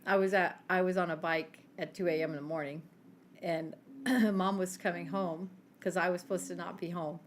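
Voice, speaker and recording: A middle-aged woman co-hosting a podcast, telling lively family stories in casual chat and laughing often. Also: on the low side, normal speed, slight background noise. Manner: animated storyteller, laughs often. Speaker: podcast co-host.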